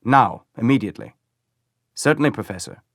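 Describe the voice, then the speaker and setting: A man's voice: medium pitch, expressive, brisk, a bit bright, no room sound, studio quality, pitched above the performer's own voice. A man voicing an eager, respectful police detective in an audiobook. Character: polite male police detective, former protege.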